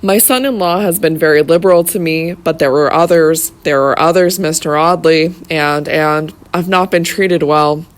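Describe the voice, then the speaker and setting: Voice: mid-range voice, moderate pace, few pauses, lightly acted. A reader voicing a self-pitying, peevish old grandfather who whines and apologizes in an audiobook. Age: over 60. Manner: whining, apologetic.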